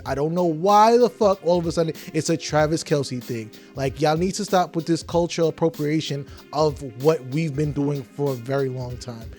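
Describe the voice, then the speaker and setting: A man's voice: fairly high pitch, darkish tone. A man hosting a podcast, delivering an emphatic, profane, heated opinion rant. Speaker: podcast host.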